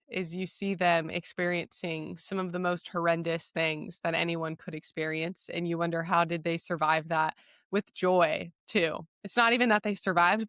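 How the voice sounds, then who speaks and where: A woman hosting a podcast interview, affirming her guest and asking gentle follow-up questions. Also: lowish voice, dry recording, studio quality. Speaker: podcast host. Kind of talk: interview conversation.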